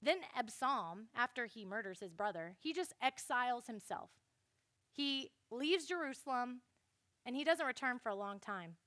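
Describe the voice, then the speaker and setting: A young woman giving a classroom Bible lesson, animated and speaking straight to her listeners. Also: on the high side, moderate pace, no room sound. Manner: animated, addresses listeners directly.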